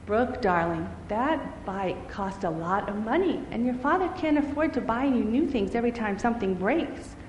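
A woman voicing a kind, wise grandmother who speaks softly and patiently. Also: on the high side, lively intonation, moderate pace, hardly any pauses, a little hiss or hum, lightly acted. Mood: soothing. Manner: soft, soothing and patient. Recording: echoey hall with faint ambience.

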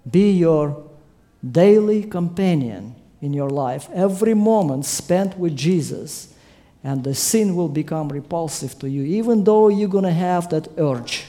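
A male preacher delivering a sermon with a fairly high, warm voice. He speaks emphatically and swells to loud peaks when making his points. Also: expressive, unhurried.

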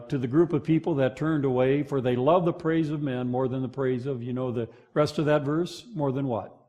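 A man preaching a sermon, swinging between loud emphasis and hushed moments, asking the congregation to finish verses. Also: a little high. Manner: asks the congregation to fill in verses. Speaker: pastor.

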